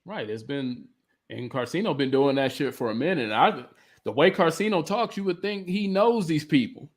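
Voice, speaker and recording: A man's voice: on the high side, lively intonation, moderate pace. A man co-hosting a podcast, ranting in a profane, heated way in casual chat. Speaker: podcast co-host.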